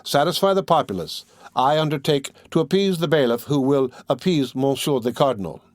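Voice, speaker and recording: A man reading the part of a poised young stranger in shabby black, a smooth and ready talker, as an audiobook narrator. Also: mid-range voice, fairly quick, no room sound, studio quality, natural voice. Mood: courteous.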